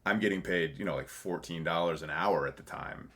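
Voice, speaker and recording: A man with a notably deep, low voice tells his story in an unscripted interview. He rambles, restarts his sentences and swears freely, often laughing as he speaks. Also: brisk, a bit bright. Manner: rambling, self-correcting, swears freely and laughs while telling stories. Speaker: podcast guest, actor. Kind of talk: candid conversational interview.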